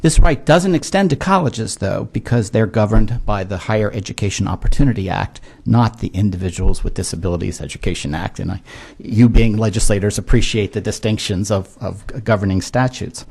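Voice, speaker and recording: A man in his sixties, a disability education expert, testifying to legislators in a measured, earnest way with frequent filler words. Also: on the low side, creaky, a little mellow, breathy edge. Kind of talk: formal testimony. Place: legislative hearing room.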